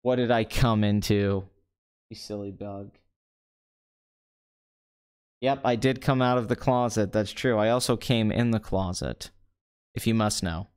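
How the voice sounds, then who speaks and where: A man hosting a comedic box office show, talking in a sarcastic, deadpan way. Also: fairly low pitch, measured pace, pauses often, clean tone. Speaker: host.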